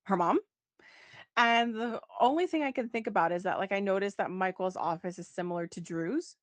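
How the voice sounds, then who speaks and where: In a mid-range voice at a moderate pace, this podcast co-host chats about a soap opera episode, laughing a lot and quoting the characters as she recaps. The sound has no echo.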